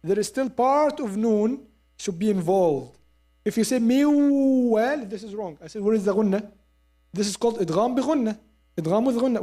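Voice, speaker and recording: A woman teaching Quran recitation in a lesson, explaining step by step and modelling the sounds slowly with repeats. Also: mid-range voice, mellow. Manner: explains step by step, asks listeners to agree. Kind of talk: classroom lesson.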